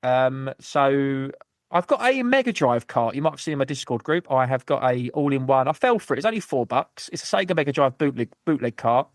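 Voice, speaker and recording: A man hosting a gaming podcast on his own, rambling through shout-outs and jokey, self-mocking asides. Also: medium pitch, animated, fairly quick, no room sound, clean studio sound. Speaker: podcast host. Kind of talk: solo gaming podcast chat.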